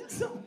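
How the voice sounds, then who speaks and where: A man doing a stand-up set in a comedy club, telling stories loudly and profanely with lots of crowd work and put-on voices. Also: extremely high pitch. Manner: loud, profane, animated storytelling with put-on voices. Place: comedy club stage with live audience. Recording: live club recording with crowd noise.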